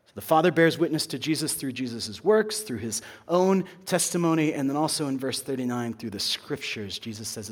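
A man preaching a sermon in a conversational teaching manner, checking in with listeners and pausing for emphasis. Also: medium pitch, expressive, slightly rough. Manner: conversational teaching, tag questions, dramatic pauses.

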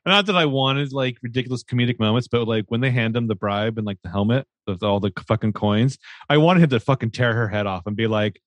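A man's voice: mid-range voice, a little fast, few pauses, dry recording. A man co-hosting a podcast, chatting casually with profane, exasperated ranting. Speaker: podcast co-host. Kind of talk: casual chat.

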